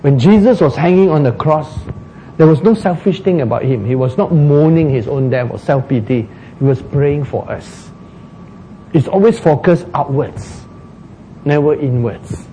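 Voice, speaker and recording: A man preaching a sermon, slow and emphatic, acting out laments dramatically. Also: on the high side, dark tone, a little hiss or hum, poor audio. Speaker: pastor.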